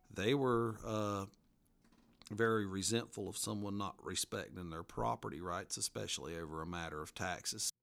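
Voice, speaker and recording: A man's voice: fairly low pitch, vocal fry. A man, an author being interviewed, telling local history in a folksy, rambling way. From western North Carolina mountains. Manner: folksy, rambling, laughs at his own stories. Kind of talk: casual storytelling interview.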